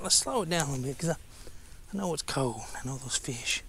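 A man's voice: on the high side, brisk, a bit bright, a little hiss or hum. A man in his thirties with a Southern US accent, chatting and rambling to the camera as a fishing vlogger and swearing at mishaps. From Tennessee. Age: 30s. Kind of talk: casual self-talk while fishing.

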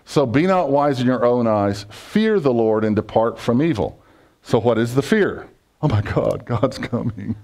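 A pastor preaching a conversational sermon, joking and asking the congregation questions. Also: male voice, mid-range voice, expressive, moderate pace, darkish tone.

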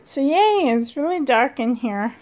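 A woman vlogging casually from a dim room at home, chatty and excitable, sometimes dropping to a whisper, filmed on a handheld camera. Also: high voice, a little slow. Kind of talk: casual vlog chat.

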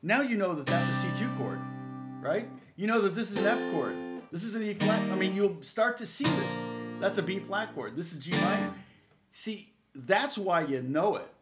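A man's voice: sits high, lively intonation, moderate pace. A middle-aged man teaching guitar on a live stream, rambling and chatting with viewers, laughing often and counting out notes. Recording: echoey room with loud guitar playing.

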